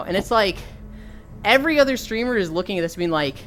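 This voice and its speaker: Lively young woman streamer. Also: medium pitch, fast, slight background noise. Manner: animated storytelling, swears freely, reads chat aloud. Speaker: livestreamer. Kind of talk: casual chat while walking.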